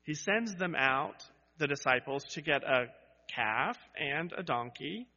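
A man's voice: a little high, expressive, slow pace, bright, forceful tone. A man pastor preaching a sermon to his congregation, building to emphatic repeated cries and dropping into conversational asides. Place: church sanctuary. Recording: dull sound with long church reverb.

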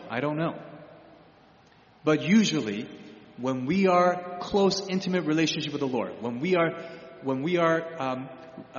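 Man preaching in an echoey hall. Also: a little high. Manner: explanatory, halting with repeated restarts. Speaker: pastor. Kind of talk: sermon teaching. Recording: echoey hall, dull lo-fi sound.

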